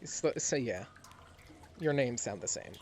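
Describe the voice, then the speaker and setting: A man running a tabletop game as game master, talking casually and pausing to recall details. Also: medium pitch, expressive, a little hiss or hum.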